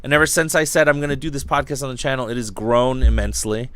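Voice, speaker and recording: A man's voice: medium pitch, level tone, fast, fairly bright tone, clean tone. A young man hosting a casual livestream podcast, rambling and giddy, lightheaded from fumes, swearing freely. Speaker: podcast host.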